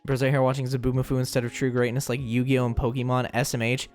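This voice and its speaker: A man's voice: medium pitch, flat delivery, quick pace, darkish tone, faint music behind. A young man streamer in casual chat, rambling and joking, often stumbling and repeating words.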